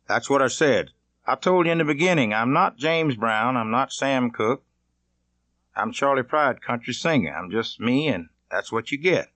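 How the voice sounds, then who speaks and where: A man from Mississippi, reading his own memoir in a plainspoken, measured, conversational way. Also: medium pitch, lively intonation, fairly bright tone, no echo. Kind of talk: audiobook narration.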